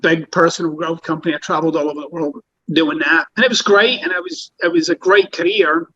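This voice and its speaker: A man's voice: on the high side, fairly even intonation, brisk, sharp tone, husky, lo-fi sound. A Scottish man guest, an author and coach, telling his story bluntly and casually, with some swearing. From Scotland. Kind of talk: relaxed interview storytelling.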